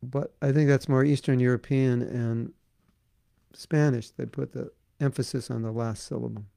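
A man teaching and answering listeners' questions in a devotional talk, speaking in a conversational, gently coaxing way. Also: mid-range voice, fairly even intonation, normal speed, gravelly, no room sound, clean studio sound. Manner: conversational, gently coaxing, frequent "you know".

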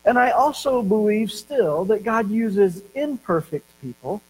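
A man preaching a sermon as pastor, telling stories and slowing down to stress key words. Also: high-pitched, lively intonation, low-quality recording.

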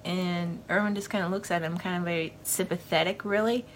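Her voice is on the low side with fairly even intonation and a fairly quick pace, with slight background noise. A podcast host, she loosely recaps a TV episode, rambling along with plenty of fillers like "you know."

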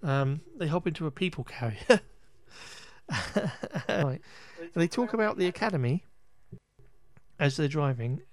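A man talking through a film plot in casual podcast chat. He rambles, restarts his sentences and laughs a lot. His voice sits a bit high, and the sound is dry and close with no room echo. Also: animated, unhurried, long pauses. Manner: rambling, self-correcting, laughs often. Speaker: podcast co-host recapping a film.

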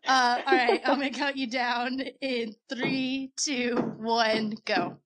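A woman co-hosting a casual podcast at home on a good microphone, chatty and quick with self-mocking jokes. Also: fairly high pitch, little pitch movement, background noise. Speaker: podcast co-host. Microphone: quality home microphone.

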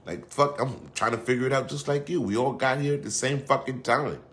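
His voice is mid-range and a bit bright, and he talks a little fast: a middle-aged man running his own podcast solo. He rambles casually and swears freely, restarting sentences and going off on asides.

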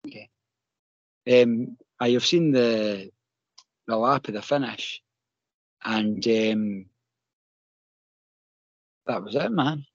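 A Scottish man, a podcast guest, telling a story in an animated, emotional way and laughing often. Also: mid-range voice, slow pace, pauses often, no room sound, lo-fi sound. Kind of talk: casual storytelling.

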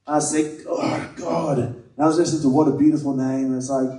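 A man's voice: medium pitch, little pitch movement, fast talker, mellow. A man preaching a sermon, earnest and conversational, mixing scripture with personal stories. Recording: echoey room, mic at a distance.

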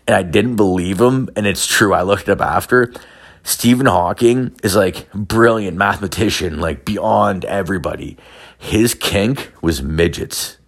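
A man with a fairly low voice, talking alone into a podcast mic at home. He rambles through his story with constant swearing and filler words. His delivery is loose and unscripted, like a running rant. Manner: profane, rambling, filler-heavy. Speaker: podcast host.

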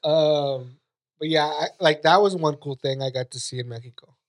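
A man's voice: fairly high pitch, moderate pace. A man co-hosting a podcast in casual chat, rambling and hesitant with many restarts. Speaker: podcast co-host.

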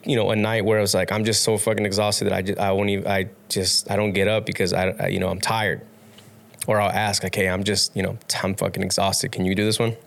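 Rambling, low-voiced young man guest. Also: creaky, fairly bright tone. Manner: rambling, restarts, swears casually, laughs often. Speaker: podcast guest. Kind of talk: casual interview chat.

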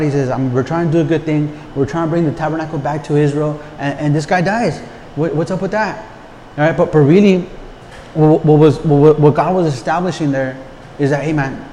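In a casual sermon, a pastor with a slightly high, darkish voice talks conversationally, frequently repeating words and addressing rhetorical questions to the listeners. The audio has faint background noise and a long hall reverb.

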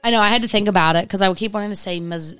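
A woman co-hosting a podcast in casual chat, telling stories in a chatty, animated way. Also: medium pitch, rapid-fire, clear, resonant tone, no room sound, faint music behind. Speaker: podcast co-host.

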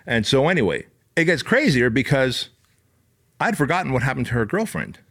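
A man's voice: medium pitch, very animated, moderate pace, fairly bright tone, breathy edge. Man, mid-range voice, loose profane storyteller who leans on "bro" and "like", spins anecdotes casually. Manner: profane, rambling, heavy on fillers like "bro" and "like".

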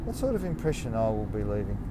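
A man's voice: lowish voice, sing-song, fast. A young man hosting a casual solo podcast from his car, musing and rambling while he drives. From Australia. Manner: rambling, musing, self-correcting. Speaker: podcast host. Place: inside a car while driving. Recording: faint road noise in a car. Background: car and street noise.

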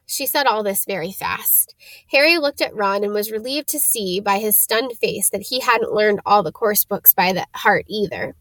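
A woman reading a storybook aloud, steady with small stumbles over names. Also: medium pitch, moderate pace, dry recording. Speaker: reader.

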